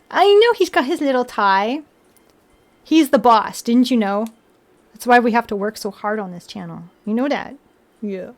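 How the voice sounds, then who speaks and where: A woman's voice: a little high, lively intonation, normal speed. A young woman chatting casually on a live stream, giggly and rambling, with lots of "like" and restarts. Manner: chatty and giggly, full of "like" and restarts, baby-talks to her pets.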